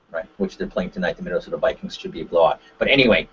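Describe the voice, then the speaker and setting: A man from Korea with a low, husky voice gives an animated webinar talk as a martial arts instructor. His pitch swings widely as he drives each point home with a quick "right?". The call audio sounds dull and lo-fi. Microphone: conference call line.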